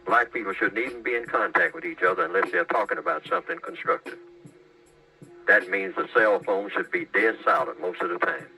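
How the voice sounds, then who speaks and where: A man's voice: a little high, gravelly, sharp tone, no room sound. A man lecturing an audience, asking rhetorical questions as he makes his points. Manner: preachy, poses rhetorical questions. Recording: distant clip with faint music.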